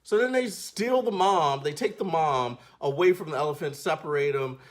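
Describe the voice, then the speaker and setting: A man giving a casual film review in a slangy, animated way, often acting out scenes. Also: fairly high pitch, normal speed.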